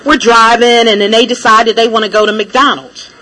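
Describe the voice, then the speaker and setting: A woman speaker telling her own recovery story in a lively, laughing way, with many fillers. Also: a little high, moderate pace. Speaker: traveling speaker. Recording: noisy recording.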